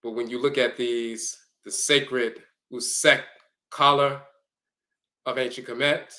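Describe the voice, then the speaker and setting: A man giving a slow, deliberate lecture, repeating and spelling out terms as he explains glyphs and dialects. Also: medium pitch, fairly even intonation, bright, forceful tone.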